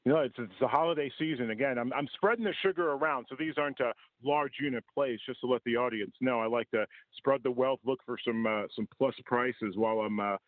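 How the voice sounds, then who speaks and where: A man calling in as a sports betting guest, talking in a relaxed, halting way. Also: medium pitch, dry recording. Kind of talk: casual chat. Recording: tinny phone-line sound, dry.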